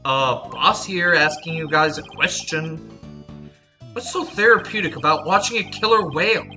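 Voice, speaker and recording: A woman doing a laid-back male lawyer boss, lowered voice, dry and low-key. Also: normal speed, pushed and bright, soft background music.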